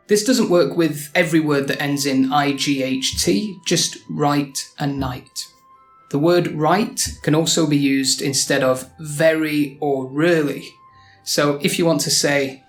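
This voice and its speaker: A man's voice: on the high side, slow pace, faint music behind. A young man from Sheffield with a Yorkshire accent, teaching English dialect in a scripted lesson and switching into broad dialect for the examples. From Sheffield, England.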